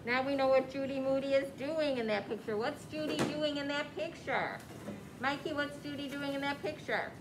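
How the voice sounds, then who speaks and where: A woman's voice: sits high, moderate pace, roomy sound, background noise. A woman teacher leading a class, encouraging and asking questions.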